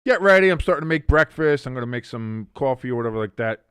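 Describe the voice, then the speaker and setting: A man's voice: mid-range voice, expressive, fast, a bit bright, clean tone, dry recording, clean studio sound. Chatty man streaming a game. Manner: rambling, chatty, many restarts. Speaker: watch-along streamer host. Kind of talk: casual live-stream chat and play-by-play.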